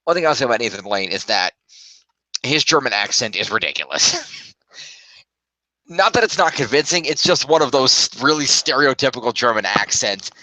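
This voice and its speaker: A man's voice: mid-range voice, animated, normal speed, sharp tone, no echo, low-quality recording. A man chatting casually as a film reviewer, rambling and correcting himself as he goes. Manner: rambling, self-correcting, upbeat.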